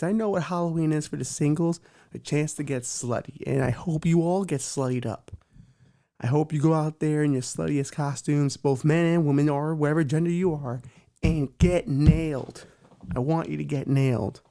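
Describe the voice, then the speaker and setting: A man's voice: a little high, gravelly, dark tone. Profane, joking man hosting a comedy show. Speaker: host. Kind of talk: comedic talk-show monologue.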